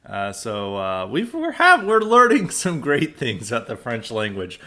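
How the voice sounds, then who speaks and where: A man's voice: medium pitch, wildly swooping pitch, a little slow, bright, forceful tone. Sarcastic American man hosting a podcast. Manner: sarcastic, emphatic, frequent restarts. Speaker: podcast host. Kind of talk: political commentary monologue.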